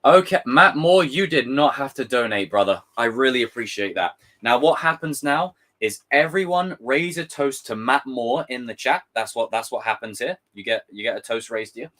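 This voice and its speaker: A man streaming live and reading out chat, talking casually and ranting in an animated, exasperated way, swearing freely. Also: mid-range voice, normal speed, hardly any pauses.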